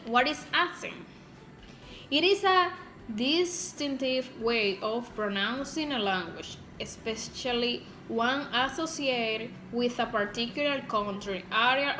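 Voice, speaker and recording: A woman's voice: a little high, bright, forceful tone, a little hiss or hum. A young woman from the Dominican Republic with a Dominican Spanish accent, reading out exam answers carefully as a student. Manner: careful, deliberate, spelling words out.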